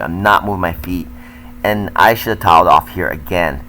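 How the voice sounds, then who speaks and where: A man's voice: low-pitched, fairly quick, bright, forceful tone, slight background noise, rough recording. An older man, a tennis coach, talking candidly and self-critically as he comments over footage of his own match.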